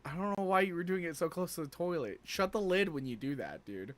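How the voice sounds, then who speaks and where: A man's voice: on the high side, expressive, fairly quick. A man reacting to clips on a live stream, casually joking with plenty of crude swearing. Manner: crude, joking, laughs often. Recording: noisy stream audio.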